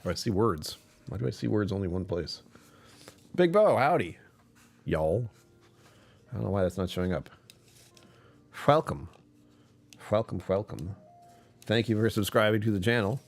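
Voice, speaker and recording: Deep-voiced man chatting on a livestream. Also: moderate pace, gravelly, long pauses. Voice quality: deep voice that sometimes drops even lower. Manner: rambling, self-deprecating, chuckles often. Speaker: live streamer hosting his channel. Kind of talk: casual livestream chat with viewers.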